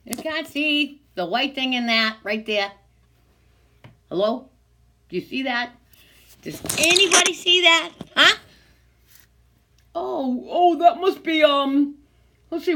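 Woman, agitated and sarcastic, very animated pitch, higher voice. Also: normal speed, long pauses. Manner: agitated, swinging between whispers and angry outbursts; sarcastic, talks to unseen doubters. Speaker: vlogger filming herself. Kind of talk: rambling self-recorded monologue.

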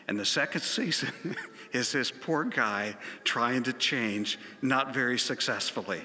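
A man's voice: mid-range voice, animated, measured pace, sharp tone, long reverb tail, slight background noise. A senior pastor, a man, preaching a sermon with conversational, emphatic storytelling. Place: large church sanctuary.

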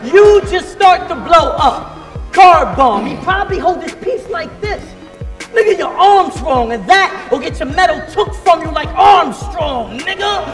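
A man performing a battle rap, aggressive and taunting, shouting his punchlines. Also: extremely high pitch, expressive, unhurried, music in the background, a crowd in the background. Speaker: battle rapper.

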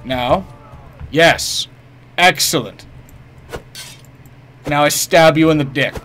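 Male streamer, a touch high-pitched; casual and profane, hams up taunts at enemies. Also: takes it slowly, fairly bright tone, slight background noise. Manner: profane, jokey, chats with viewers; mock-heroic taunts at game enemies. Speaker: game streamer. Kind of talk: casual live-stream commentary.

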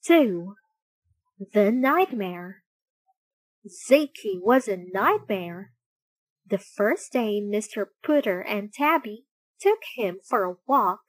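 A woman reads a children's picture book aloud at a very slow, deliberate pace. Her voice rises and falls expressively and sits a little high. The recording is dry and close. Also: animated, dry recording, rough recording. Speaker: storybook reader.

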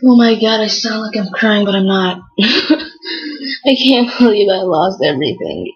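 A young woman giving excitable, frustrated Let's Play commentary while playing a game. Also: mid-range voice, moderate pace, highs cut off. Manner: excitable, exclaims often, frustrated outbursts. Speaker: gamer.

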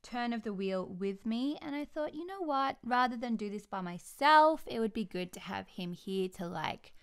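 An Australian woman hosts a relaxed podcast from home, bubbly and chatty. She talks in an easy, friendly flow and breaks into laughter often. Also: a little high, normal speed, clean tone. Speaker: podcast host. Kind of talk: casual chat.

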